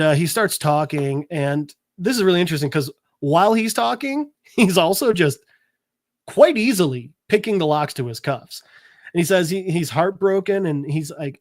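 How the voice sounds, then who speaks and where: A man on a podcast recapping a comic book in casual chat, acting out the characters' lines in quick quotes, with lots of fillers and restarts. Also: a little high, no echo, clean studio sound. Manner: retells scenes by voicing characters in quick quotes; loose, filler-heavy talk with restarts. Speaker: podcast co-host.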